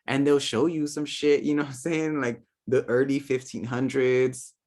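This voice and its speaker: A man's voice: mid-range voice, level tone, moderate pace, darkish tone. A man giving a casual, playful talk on spirit guides, full of slang, fillers and quoted asides. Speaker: spiritual teacher.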